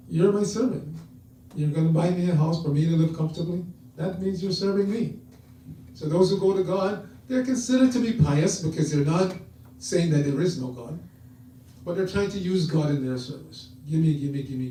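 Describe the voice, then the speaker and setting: Brief: male preacher, mellow tone, storytelling sermon, heard from across a reverberant hall. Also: a little high. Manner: storytelling, acts out quoted voices. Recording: echoey hall, voice from far off.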